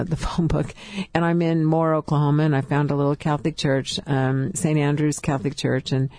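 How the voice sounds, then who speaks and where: A woman's voice: low-pitched, warm tone. Emotional woman sharing her testimony. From California. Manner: emotional, halting, with restarts. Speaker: guest. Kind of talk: personal testimony.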